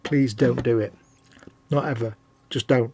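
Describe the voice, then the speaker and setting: A man's voice: medium pitch, steady tone, unhurried, gravelly, a little mellow, breathy edge. A man co-hosting a casual live stream while painting miniatures, chatting and ranting with playful mock voices. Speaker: co-host.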